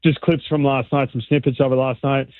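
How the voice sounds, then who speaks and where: An Australian man, a baseball analyst calling in as a guest, chatting in a lively way with frequent restarts over a tinny phone line. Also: mid-range voice, fairly quick, no echo. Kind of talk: casual sports radio chat.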